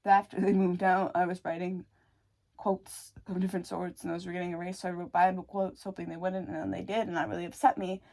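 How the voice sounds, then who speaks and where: A young woman telling her own story in a casual, rambling way, swearing often, breaking off mid-thought and adding wry dark humor. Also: on the low side, little pitch movement, fairly quick. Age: young adult. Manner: rambling and frank, swears often, self-interrupting.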